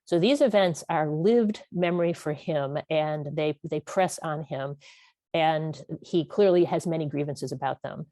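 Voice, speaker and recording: Low-voiced woman historian, measured and analytical. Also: dark tone, dry recording. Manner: precise, repeats words for emphasis, restarts phrases. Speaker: historian discussing her book. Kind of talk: academic talk, measured and analytical.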